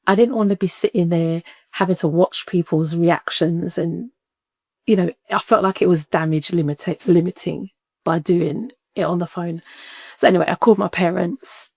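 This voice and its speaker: A woman, a podcast guest telling a personal story in lively conversation, acting out what people said and laughing often. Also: fairly low pitch, normal speed, gravelly, slightly rough, no room sound, clean studio sound. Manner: animated, acts out quoted voices, laughs often.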